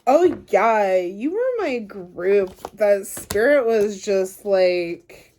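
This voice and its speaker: A woman's voice: mid-range voice, lively intonation, drawn-out words, dark tone, slight background noise. A woman giving a casual pick-a-card tarot reading to her viewers, rambling and chatty with lots of ums and likes. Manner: chatty, rambling, filler-heavy. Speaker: tarot reader.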